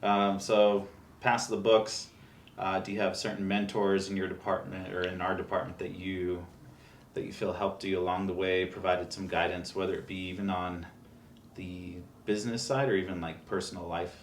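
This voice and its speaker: A man interviewing a colleague, asking relaxed, loosely worded questions. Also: low voice, moderate pace, distant mic, slight background noise. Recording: roomy, from off-mic.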